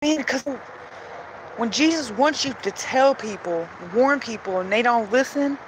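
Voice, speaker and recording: A woman's voice: a little high, lively intonation, unhurried, slight background noise, poor audio. A woman talking earnestly and emotionally in a rambling personal monologue, pleading at times. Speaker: vlogger sharing religious visions.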